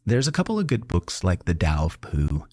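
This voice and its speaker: Speaking in a low voice at normal speed with no echo, a middle-aged man who is a doctor and podcast host conducts a casual interview. His storytelling is animated, with frequent laughter and acted-out voices for anyone he quotes.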